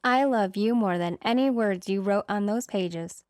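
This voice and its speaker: A woman's voice: mid-range voice, measured pace, darkish tone, dry recording, clean studio sound, close to an everyday voice. A woman voicing a doting older aunt who speaks in a soothing, affectionate way in a storybook reading.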